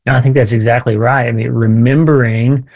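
A man's voice: medium pitch, steady tone, brisk, a little mellow. A man appearing as a podcast guest, explaining his ideas thoughtfully. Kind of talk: conversational interview.

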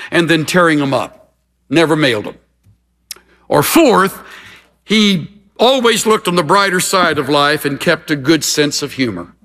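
A man preaching a sermon, measured and emphatic, with dramatic pauses between phrases. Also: sits high, a bit bright. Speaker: pastor. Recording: preached in a reverberant hall.

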